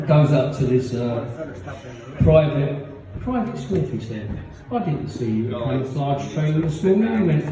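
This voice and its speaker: A man's voice: fairly high pitch, very animated, slow, a crowd in the background. A man telling rambling stand-up jokes at a pub gig, laughing at his own punchlines. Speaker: stand-up comedian. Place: pub function room with live audience. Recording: echoey, distant, dull audience recording.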